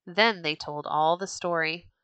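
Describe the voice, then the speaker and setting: Bright-voiced woman reading a storybook. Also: fairly low pitch, no echo. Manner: measured, expressive read-aloud.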